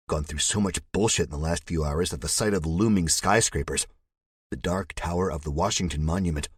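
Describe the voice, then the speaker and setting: Deep, husky audiobook narrator. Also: male voice, no room sound, clean studio sound. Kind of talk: first-person audiobook narration.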